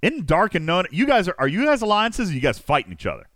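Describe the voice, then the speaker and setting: This podcast host talks fast in a high, fairly bright voice with huge swings in pitch, and there's no echo. He jokes around and rambles casually, then reels off long rosters of supporter names as shout-outs.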